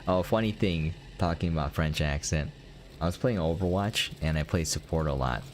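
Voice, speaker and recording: A man's voice: low-pitched, normal speed, slight background noise. A young American man chatting casually while live-streaming a game, rambling and laughing often as he answers his chat. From United States.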